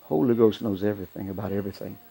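A middle-aged man preaching a sermon in a church, telling a story and rising to loud, excited peaks. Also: on the low side, very fast, vocal fry, slightly rough. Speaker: pastor.

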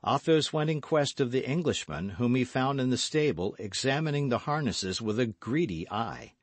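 A man narrating a classic novel as an audiobook, reading slowly and expressively. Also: mid-range voice, lively intonation, no echo.

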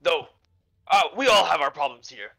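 A man with a bright, forceful voice chats casually as a player at a tabletop game. He jokes and banters loosely with the others. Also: a little high, animated, moderate pace, creaky, soft background music, low-quality recording.

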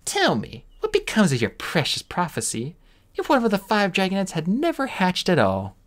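A man's voice: high voice, wildly swooping pitch, normal speed, fairly bright tone, voice pushed up, heavily acted. A man voicing a cruel, mocking female sand dragon queen who hisses and sneers her taunts. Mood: taunting. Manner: sneering, hissing, theatrical taunts.

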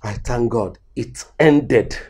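An actor playing a remorseful father who speaks slowly and solemnly about his family. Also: mid-range voice, darkish tone, slightly rough. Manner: slow and solemn. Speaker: family patriarch.

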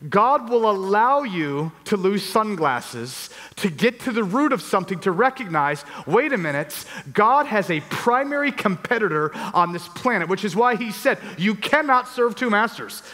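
Man, middle-aged, pastor, sermon, high voice, long hall reverb. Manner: animated storytelling, acting out his own reactions. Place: church hall.

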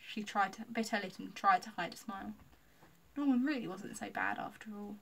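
A woman reading a children's story aloud, lively and expressive. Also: mid-range voice, a little fast, creaky, distant mic, slight background noise.

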